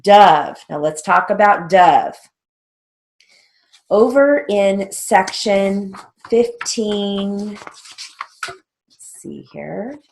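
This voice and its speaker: A woman's voice: mid-range voice, expressive, very slow, creaky, long pauses, darkish tone, slight background noise. A woman teaching a stenography theory lesson, dictating drill sentences carefully and spelling out strokes letter by letter. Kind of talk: instructional lesson.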